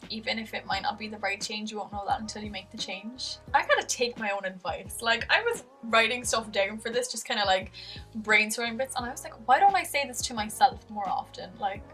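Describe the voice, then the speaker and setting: A woman's voice: medium pitch, brisk, far from the mic, low-quality recording. A young woman with an Irish accent talking candidly to camera in a rambling, casual vlog, with lots of fillers. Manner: rambling and candid, many fillers, soft laughs. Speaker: vlogger. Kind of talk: casual confessional talk to camera. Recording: music faintly behind, voice a bit off-mic.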